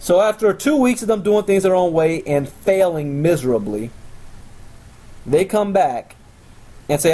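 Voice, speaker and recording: A man's voice: on the high side, expressive, a little slow, warm tone. A man giving a recorded motivational sales training talk, blunt and confrontational, boasting and lecturing his listeners.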